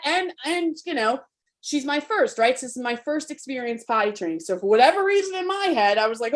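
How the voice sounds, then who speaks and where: A woman's voice: high-pitched, expressive, fairly quick. A woman coach giving a live online talk to parents, frank and spirited, cursing freely in a conversational, rallying way.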